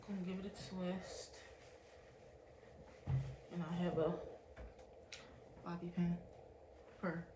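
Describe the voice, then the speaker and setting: A woman's voice: fairly low pitch, level tone, takes it slowly, long pauses. A young woman, chatting casually to viewers as "y'all" while unboxing and reviewing a product. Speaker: beauty vlogger reviewing a product. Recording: echoey room with faint background hiss.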